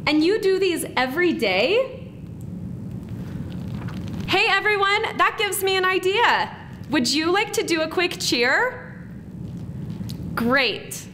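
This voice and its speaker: A woman presenter speaking slowly and encouragingly to students at a school assembly. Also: very high-pitched, sing-song, background noise. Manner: slow, encouraging, teacherly.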